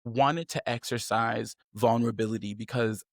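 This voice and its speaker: A man hosting a podcast, telling a personal story in candid chat and acting out the people he quotes with sudden high voices. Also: normal speed, creaky, no room sound, studio quality. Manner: animated, swings into high mocking voices when quoting. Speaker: podcast host.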